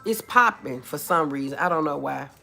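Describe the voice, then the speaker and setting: A woman's voice: deep voice, animated, moderate pace, creaky, pushed and bright, faint music behind. A woman hosting a casual home livestream, chatting with viewers, laughing often and calling them y'all and baby. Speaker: livestream host.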